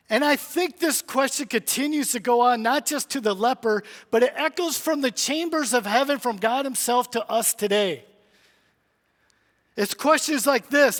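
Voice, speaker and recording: A middle-aged male preacher with a strikingly high voice delivers an earnest sermon. He leans on pleading rhetorical questions. His words ring out with a long reverb in a church sanctuary. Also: lively intonation, moderate pace, fairly bright tone.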